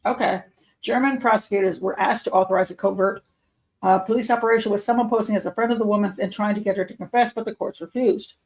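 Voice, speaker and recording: Profiler host, woman, with a creaky voice and a middling pitch, reading reports with doubtful running commentary. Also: steady tone, quick pace, a little mellow, low-quality recording. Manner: skeptical, muttering asides and self-corrections. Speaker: criminal profiler hosting a live show.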